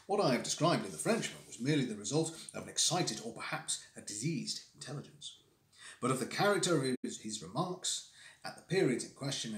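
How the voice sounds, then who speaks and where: A man streaming live, reading a classic story aloud with expressive delivery and the odd stumble over hard words. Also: mid-range voice. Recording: roomy echo.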